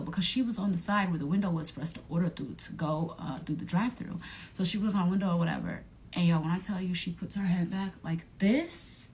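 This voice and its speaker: Young woman, storytime vlog, animated, profane, faint noise behind. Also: on the low side, fast talker. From Atlanta area, United States. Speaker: vlogger telling a story.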